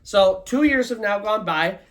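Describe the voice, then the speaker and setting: Speaking a little slowly with lively intonation and a mid-range voice, a storyteller recounts a ghost story live. The delivery is loose and chatty, sprinkled with "like" and "kinda."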